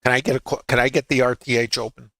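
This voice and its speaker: Brooklyn guy running a trading stream off his laptop, bright sharp voice, dry sound, folksy one-liners. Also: medium pitch, flat delivery, fast talker, creaky, dry recording. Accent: New York, Brooklyn. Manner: folksy, quips and rhetorical questions. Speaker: trading educator. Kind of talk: livestream market lesson.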